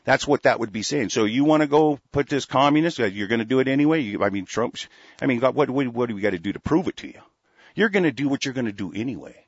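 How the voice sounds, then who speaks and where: A male talk host from Oregon, USA, delivers a fiery, profane, rambling political rant in a gravelly, husky voice. His medium-pitched speech is expressive and quick, captured by a dull lo-fi close mic with no echo.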